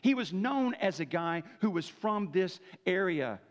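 A man's voice: high voice, expressive, a little slow. A man preaching a sermon to his church in a casual, conversational way, checking in with listeners by asking "right?" often. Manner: conversational preaching, frequent "right?" tag questions. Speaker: pastor. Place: church sanctuary. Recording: dull lo-fi church hall recording.

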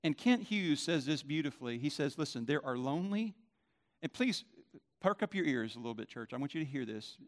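A man's voice: a little high, sing-song, fairly quick. A man, a pastor, preaching a sermon in an emphatic, conversational way.

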